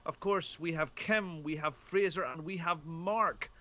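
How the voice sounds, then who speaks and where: A man's voice: on the high side, a little slow, bright, forceful tone. A man with a Northern Irish accent hosting a gaming podcast with jokey, self-deprecating banter. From Northern Ireland. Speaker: podcast host. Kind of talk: casual podcast chat. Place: home, Northern Ireland.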